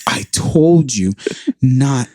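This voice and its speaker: A man's voice: mid-range voice, lively intonation, extremely slow, a little mellow, a little hiss or hum, pitched below the performer's own voice. A fed-up mother scolds her son with weary disbelief, as a man retelling the story puts her on. Her voice rises and falls a lot as she complains. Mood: exasperated.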